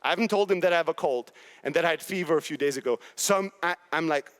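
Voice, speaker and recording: A man in his thirties giving a blunt, profane, high-energy motivational talk on a conference stage. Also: quick pace, a bit bright. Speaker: keynote speaker.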